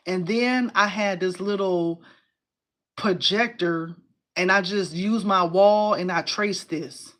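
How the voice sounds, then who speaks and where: A woman hosting a casual crafting live stream from home. She talks in an excitable, chatty way, says "y'all" a lot, and answers viewers' comments aloud. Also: mid-range voice, slow. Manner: uses y'all and informal phrasing.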